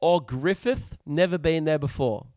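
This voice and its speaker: A man's voice: fairly high pitch, darkish tone, no echo, studio quality. A young Australian man co-hosting a casual podcast, chatty and joking as he plugs his tour dates. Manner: chatty, joking, brisk self-promotion. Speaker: podcast co-host, touring comedian.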